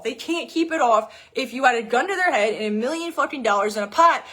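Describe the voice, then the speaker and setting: A woman's voice: high voice, lively intonation, fast talker, few pauses, a bit bright. A woman fitness coach in her thirties ranting bluntly to camera, swearing often and repeating words for emphasis. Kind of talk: blunt unscripted rant to camera.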